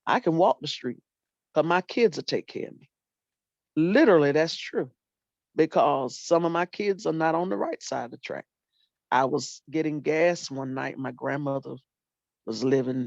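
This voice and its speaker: An older woman, a retired teacher and librarian, telling animated stories about her students in casual talk and acting out what people said. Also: low voice, moderate pace, gravelly, no echo. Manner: animated storyteller, acts out quotes, folksy Southern phrasing. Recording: dull lo-fi dry sound.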